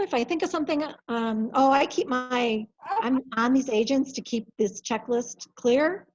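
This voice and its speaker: A woman working as a compliance coordinator, walking colleagues through software in a practical, lightly chatty way. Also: on the high side, dull audio. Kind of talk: software training over video call.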